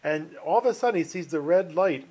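A man's voice: on the high side, lively intonation, fairly quick, a little mellow, breathy edge. A middle-aged man teaching a finance class online, rambling and folksy, with many restarts and fillers. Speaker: finance instructor.

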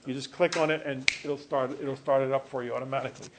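A man's voice: mid-range voice, little pitch movement, fast, a little hiss or hum. A male teacher giving a classroom lecture, joking with students and correcting himself as he rambles.

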